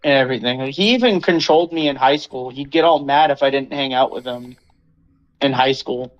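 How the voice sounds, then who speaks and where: A man's voice: medium pitch, a little fast, dull audio. A young man podcast host telling a rambling story about a controlling friend. He swears a lot and mimics the people he quotes. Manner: rambling, swearing, quoting others in a mocking voice. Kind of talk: casual venting story.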